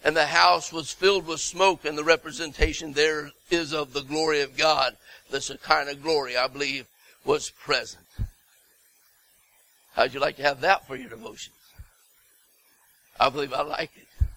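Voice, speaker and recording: A middle-aged man preaching a fervent sermon, breaking into shouts of repeated words and folksy asides to the congregation. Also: on the high side, flat delivery, normal speed, pauses often, low-quality recording.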